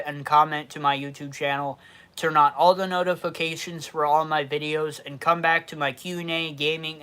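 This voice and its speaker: A man in his twenties from Western New York, with a Western New York accent, hosting a casual livestream Q&A and talking loudly and cursing freely. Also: fairly high pitch, smooth. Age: 20s. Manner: loud, heavy casual cursing. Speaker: YouTube livestream host. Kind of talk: casual livestream Q&A, reading chat.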